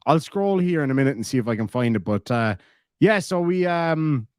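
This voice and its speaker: A man's voice: mid-range voice, expressive, normal speed, clear, resonant tone, no echo, clean studio sound. An Irish man in casual chat, reading out viewer messages and telling rambling stories, swearing freely. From Ireland.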